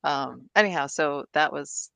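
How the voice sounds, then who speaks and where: A woman's voice: low voice, measured pace, gravelly, bright, forceful tone, dry recording. A woman presenting and discussing on a video call, chatty and enthusiastic, laughing often. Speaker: guest presenter.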